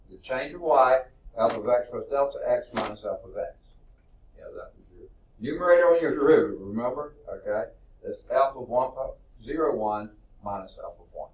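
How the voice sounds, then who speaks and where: In a classroom lecture, a middle-aged math instructor teaches in a folksy, informal style, correcting himself as he thinks out loud. His mid-range voice is slightly rough.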